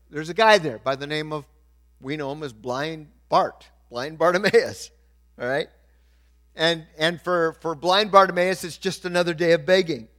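A middle-aged male pastor preaching a sermon, swinging from quiet asides to loud, emphatic points. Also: fairly high pitch.

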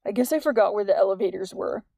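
A woman's voice: mid-range voice, quick pace, vocal fry, dark tone, dry recording, clean studio sound. A woman reading an earnest teen boy.

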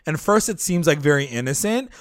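Guy rambling casually on a podcast, kinda high voice, cusses a lot, super dry mic. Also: animated, fairly quick, dry recording. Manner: loose and chatty, lots of fillers and swearing. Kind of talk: casual chat.

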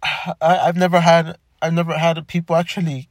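A young man talking candidly in a halting way, with many stammered restarts. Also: a little high, flat delivery, dry recording, studio quality. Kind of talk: personal reflective monologue.

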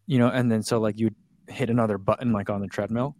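A man's voice: fairly low pitch, fairly even intonation, fast, darkish tone, no room sound. A man hosting a casual chat, reading viewer questions and talking with lots of fillers. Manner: chatty, full of fillers like "like" and "um".

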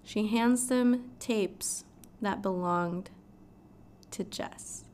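Animated woman recapping a story. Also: medium pitch, extremely slow, slight background noise. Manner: animated, swears freely. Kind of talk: casual plot recap.

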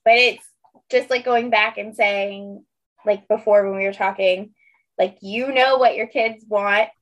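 A woman chatting casually about her young daughter, relaxed and agreeable with short reactions. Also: medium pitch, unhurried. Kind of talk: casual chat. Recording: dull lo-fi sound.

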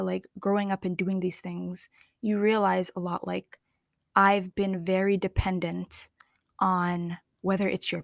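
A woman in her twenties hosting a podcast, talking candidly and casually to listeners in slangy, drawn-out chat. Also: mid-range voice, creaky, no echo, studio quality. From Somali family. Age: 20s. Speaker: podcast host. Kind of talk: casual personal monologue.

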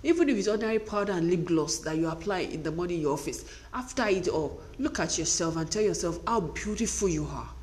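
A woman's voice: lowish voice, lively intonation, fast talker, few pauses, a little mellow. A woman giving an earnest, emphatic, faith-based motivational talk to wives. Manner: earnest, emphatic, repetitive exhortation.

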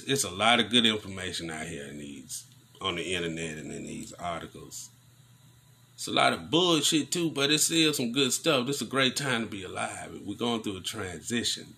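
A man giving casual news commentary on a vlog, preaching in animated rants full of slang. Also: lowish voice, a little hiss or hum.

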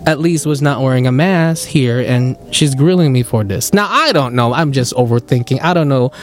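A man with a Filipino accent hosts a podcast, telling a story at normal speed in a casual, animated way. When quoting people, he jumps into high, excited voices.

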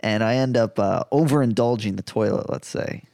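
Gravelly podcast co-host, man, dry close sound, loose rambling storyteller. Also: on the low side, a little fast, mellow, dry recording. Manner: rambling storyteller, many fillers, laughs often. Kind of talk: casual chat.

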